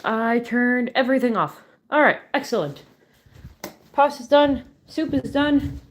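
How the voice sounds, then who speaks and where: A woman's voice: on the high side, a little slow, rough recording. A woman chatting casually to her phone camera while walking outdoors in a small town, rambling and breaking off mid-sentence. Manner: chatty, rambling, self-interrupting. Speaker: vlogger. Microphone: handheld phone camera. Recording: loud street noise and wind.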